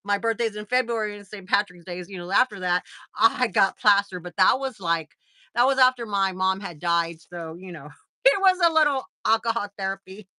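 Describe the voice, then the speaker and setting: Chatty woman, bright dry voice. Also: mid-range voice, animated, normal speed, no room sound. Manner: rambling and chatty, many fillers and restarts; gushing and effusive when thanking viewers. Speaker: livestream host. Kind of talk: casual livestream chat.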